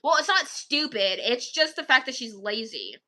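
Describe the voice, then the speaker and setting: A woman talks casually to her livestream viewers, wandering from one thought to the next. Her voice sits a little high and sounds very bright and sharp. She sounds tired but still eager to chat, with sighs between thoughts. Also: expressive, normal speed. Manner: rambling, chatty, tired, sighing.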